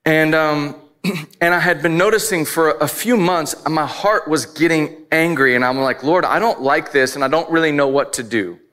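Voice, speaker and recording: A man's voice: fairly high pitch, normal speed, fairly bright tone. A man who is a father of young boys, preaching a casual, conversational sermon full of asides and self-deprecating laughs. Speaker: pastor.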